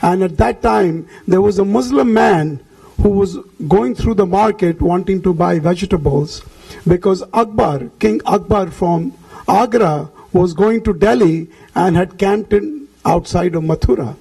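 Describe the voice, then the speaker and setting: A man's voice: sits high, unhurried, gravelly, mellow, breathy edge, rough recording. A man telling a devotional story in a talk, acting out the characters' lines as he goes. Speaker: temple speaker.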